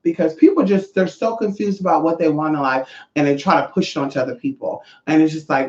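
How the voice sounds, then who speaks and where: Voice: medium pitch, steady tone, fast. A spiritual teacher in a casual, sassy monologue full of profanity. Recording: echoey, slightly dull room sound.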